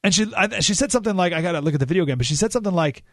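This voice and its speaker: A man hosting a talk radio show, telling a story in an animated, emphatic way with rising indignation. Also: high-pitched, racing, no echo, studio quality. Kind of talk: opinionated radio monologue.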